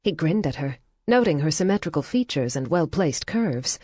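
A woman narrating an audiobook in a measured, even storytelling manner. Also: sits low, slightly rough, dry recording, studio quality. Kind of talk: scripted narration.

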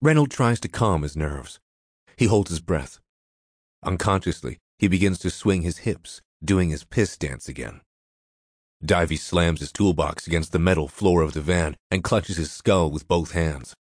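A man narrating an audiobook in a measured, descriptive way. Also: low-pitched, no room sound, clean studio sound.

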